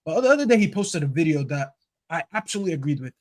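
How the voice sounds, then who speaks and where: A man's voice: fairly high pitch, sing-song, racing, a little mellow. A man whose first language is Arabic, ranting emphatically and swearing freely in a heated football debate on a podcast panel.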